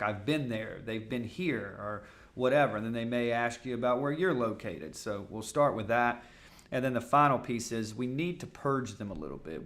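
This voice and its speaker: Male sales coach, mid-pitched and bright, casual teaching delivery broken up by loud, acted-out call lines. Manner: casual, coaching, fast talk with fillers. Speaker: sales trainer. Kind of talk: sales masterclass lesson.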